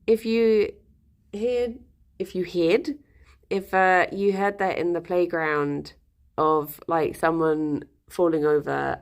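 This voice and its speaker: A young woman from Hertfordshire, England, with a local Hertfordshire accent, chats casually on a livestream, rambling with lots of ums and little laughs. Her voice is on the low side, slow and fairly even in intonation.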